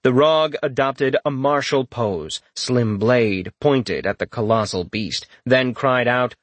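A man narrating a fantasy novel as an audiobook in a steady, measured storytelling voice. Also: medium pitch, no echo.

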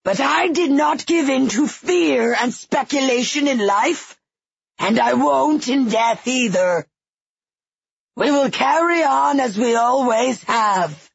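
Brief: a woman reading as a raspy ancient king, commanding, slow and breathy, storybook. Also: on the high side, lively intonation, no room sound, muffled recording, full character voice.

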